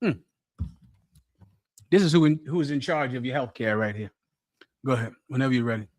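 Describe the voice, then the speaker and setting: A man's voice: mid-range voice, expressive, a little fast, darkish tone. A man preaching a fiery sermon in a mocking, scolding rant.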